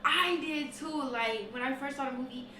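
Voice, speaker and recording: Brief: female reactor, slightly high, sheepish and amused, recorded distant and roomy. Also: normal speed, bright, forceful tone. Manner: sheepish, laughing along. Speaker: video reactor. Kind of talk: casual reaction chat. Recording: distant echoey room with noise.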